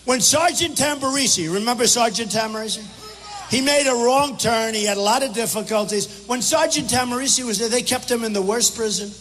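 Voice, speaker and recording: A man's voice: very high voice, fairly quick, a bit bright, soft background music. An older man giving a rambling, repetitive, combative rally speech at a podium microphone. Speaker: political candidate. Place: airport hangar rally with crowd. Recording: echoey hall, faint background noise.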